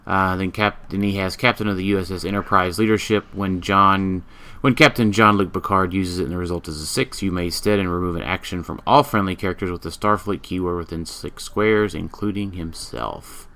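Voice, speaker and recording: A man co-hosting a podcast, reviewing game pieces in casual chat, halting and full of ums, a bit tired. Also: sits low, a bit bright, smooth. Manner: halting, many ums, reads card stats aloud. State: yawning, tired. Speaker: podcast co-host.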